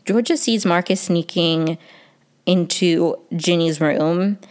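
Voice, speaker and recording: A young woman with a low voice talks through a TV season in a casual, chatty recap. She fills her sentences with "like" and drops into quick quoted asides as she goes. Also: darkish tone. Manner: chatty, says "like" often, quick quoting asides. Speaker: TV recap reviewer.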